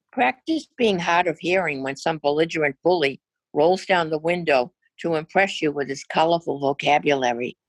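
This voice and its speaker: A woman's voice: sits low, dry recording, low-quality recording. An older woman from Massachusetts reading her own humorous essay aloud with a wry, dry storytelling manner. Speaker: essay reader.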